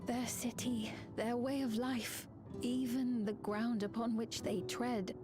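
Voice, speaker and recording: An actress voicing a solemn, wistful young noblewoman in a video game cutscene, speaking slowly and earnestly. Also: on the high side, fairly even intonation. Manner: slow, measured and earnest. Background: game soundtrack music.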